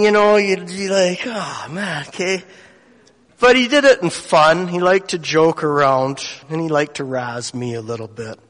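A man's voice: on the high side, fairly bright tone. A man, a lay preacher telling a story in a sermon with folksy, conversational asides, in a church sanctuary. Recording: long church hall reverb.

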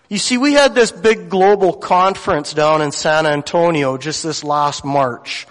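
A man's voice: on the high side, measured pace, hardly any pauses. Folksy man preaching in a church. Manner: folksy, conversational asides. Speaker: lay preacher. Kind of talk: sermon storytelling. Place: church sanctuary. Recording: long church hall reverb.

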